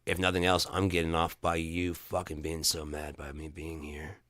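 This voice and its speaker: A man's voice: very deep voice, completely flat delivery, moderate pace, fairly bright tone, no room sound, studio quality. A man talking in a rambling, profane, casual monologue, telling stories from his own life. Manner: profane, storytelling, jumps between topics. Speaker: vlogger.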